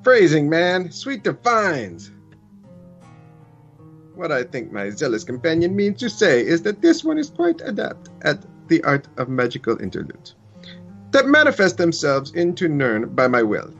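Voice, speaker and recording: A man's voice: a little high, huge pitch swings, a little slow, a bit bright, lo-fi sound, soft background music, heavily acted. A man voicing a formal, wordy cat-folk mage in an audio drama. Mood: pompous. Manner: flowery, formal phrasing. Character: Khajiit male mage, pompous and wordy.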